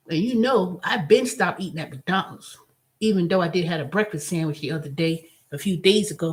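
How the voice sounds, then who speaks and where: Blunt, animated woman vlogger. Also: medium pitch. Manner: animated storytelling, blunt and profane. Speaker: host. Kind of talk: casual vlog monologue.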